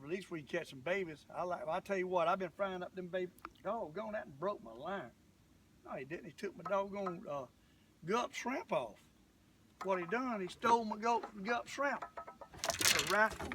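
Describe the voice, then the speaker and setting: A man's voice: sits high, normal speed, far from the mic, background noise. An older man, hosting a live fishing vlog from a boat on a lake, rambling and folksy as he talks straight to his viewers. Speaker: fishing show host.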